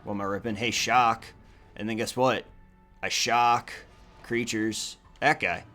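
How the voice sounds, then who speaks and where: A young man giving crude, joking commentary over a card video game, swinging from low mutters to loud cheering. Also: fairly even intonation, a little slow, faint music behind. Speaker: gaming YouTuber. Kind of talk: profane gameplay commentary.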